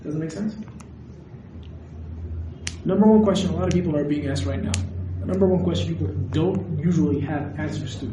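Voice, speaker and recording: A man preaching a sermon, animated and questioning his audience directly. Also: fairly high pitch, brisk, long pauses, background noise. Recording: echoey hall recorded from a distance.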